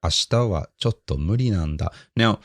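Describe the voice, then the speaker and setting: A man's voice: sits low, animated, fast, dry recording. A man co-hosting a Japanese lesson podcast, asking questions and repeating phrases after the teacher. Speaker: co-host learning Japanese.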